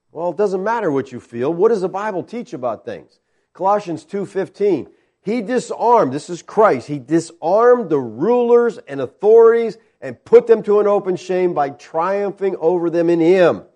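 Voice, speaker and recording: A man delivers a sermon in a warm, mellow voice that sits a little high. He preaches emphatically and keeps turning to his listeners with pointed questions.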